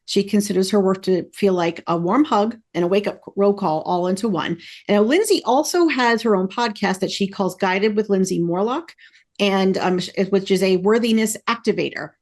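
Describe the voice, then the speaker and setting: Excitable lady podcast host, gushing and rambly, kinda mid pitch. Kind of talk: casual interview chat.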